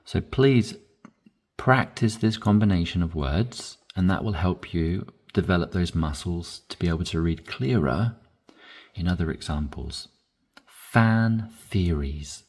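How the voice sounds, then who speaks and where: A man with a low, slightly husky voice leads an English conversation lesson. He talks unhurriedly, and his pitch rises and falls a lot as he stresses words for learners to copy. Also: expressive, darkish tone. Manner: slow, deliberate modeling of phrases with stressed inflection. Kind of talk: language lesson, reading dialogue aloud.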